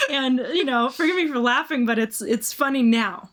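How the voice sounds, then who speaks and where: A woman co-hosting a faith podcast, telling a personal story with animated, self-mocking humor and frequent laughter. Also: high-pitched, moderate pace. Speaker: podcast co-host. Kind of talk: candid faith conversation.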